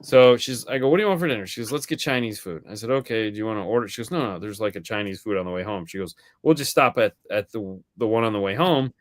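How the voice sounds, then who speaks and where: A man co-hosting a podcast in casual chat, telling a story in a lively way and acting out the voices of the people in it, swearing now and then. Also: lowish voice, fast talker, few pauses, no echo, clean studio sound. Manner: animated storyteller acting out quoted dialogue. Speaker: podcast co-host.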